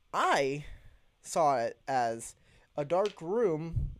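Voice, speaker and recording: Young adult male storyteller, casual and animated, slow pace, dry close sound. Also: dry recording. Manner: animated, jumps into high voices when quoting himself. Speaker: vlogger telling a story.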